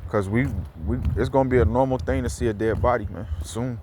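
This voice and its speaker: A man's voice: mid-range voice, fairly even intonation, a little fast, background noise. A man giving casual, heated commentary while out walking, rambling with fillers and repeats, swearing freely. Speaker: scripture commentator. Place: outdoors, walking around a neighborhood.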